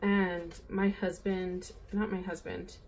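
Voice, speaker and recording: A woman's voice: fairly low pitch, level tone, takes it slowly, a little mellow, a little hiss or hum. A young woman chatting casually while she fills in her planner, rambling and bubbly, saying "like" and "oh my gosh" often. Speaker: planner vlogger. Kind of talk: casual chatty plan-with-me vlog.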